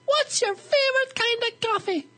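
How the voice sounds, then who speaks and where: A man putting on a squeaky toddler caller. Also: normal speed. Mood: eager. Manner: excitable, gushing fan. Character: three-year-old caller who sounds like an elderly man.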